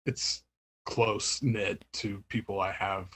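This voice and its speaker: A man's voice: on the low side, steady tone, slow, a bit bright, slightly rough. Man, label owner, rambling chat full of fillers and little laughs. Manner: rambling, many fillers and restarts, laughs often. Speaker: label owner and music writer. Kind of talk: casual interview chat.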